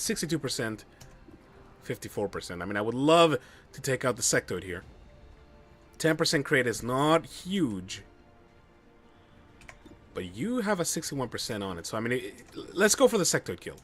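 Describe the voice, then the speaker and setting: A man streaming a game live, commenting excitedly and swearing at bad luck. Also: mid-range voice, moderate pace, long pauses, soft background music. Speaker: gamer streaming a playthrough.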